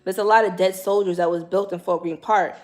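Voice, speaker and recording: Young new woman on a livestream, slangy and animated, talking right at her viewers. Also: on the low side, a little fast. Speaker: spiritual livestream host. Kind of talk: casual livestream chat.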